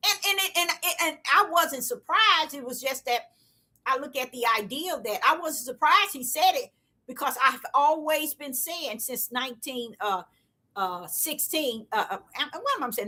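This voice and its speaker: A woman giving a casual, repetitive spiritual talk to her viewers in a preachy, excitable way. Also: sits high, normal speed. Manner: preachy, repetitive, excitable, African American Vernacular English. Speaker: online preacher.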